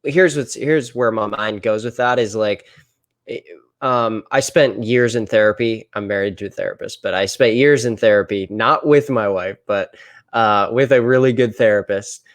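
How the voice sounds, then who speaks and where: A man hosting a casual interview, speaking thoughtfully and pausing to search for the right words. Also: lowish voice, no echo, clean studio sound. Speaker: podcast host.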